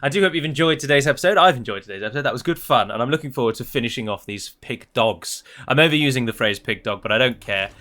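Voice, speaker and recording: A man's voice: mid-range voice, expressive, fast talker, hardly any pauses, sharp tone. An Englishman giving chatty, wry let's-play commentary on a strategy game, talking straight to his viewers. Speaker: gameplay commentator.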